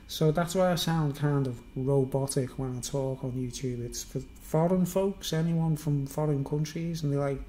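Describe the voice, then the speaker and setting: A man's voice: fairly high pitch, normal speed, hardly any pauses, mellow, low-quality recording. A middle-aged man from Merseyside with a toned-down local accent, rambling and self-mocking as he talks to a live stream. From Merseyside, England. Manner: rambling, self-mocking, chatty with many fillers. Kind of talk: casual live-stream monologue.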